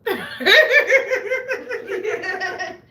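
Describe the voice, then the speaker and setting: A woman from Africa, hosting a livestream and telling a story in an animated way, laughing often and acting out quotes. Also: extremely high pitch, drawn-out words, echoey room. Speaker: livestream host. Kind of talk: animated storytelling to a live audience.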